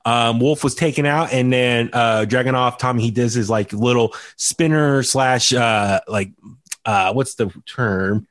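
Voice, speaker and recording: A man's voice: medium pitch, unhurried, a bit bright, no echo. A man hosting a casual podcast recap, talking loosely with lots of fillers and restarts. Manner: chatty, many fillers and restarts. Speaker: podcast host. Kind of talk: casual wrestling recap chat.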